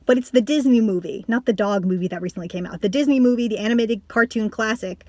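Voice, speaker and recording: A woman's voice: fairly high pitch, fast talker, dry recording. Rambling young woman vlogger, dry sound. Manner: rambling, full of "like" and restarts, swearing; animated with bursts of laughter. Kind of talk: casual storytelling to camera.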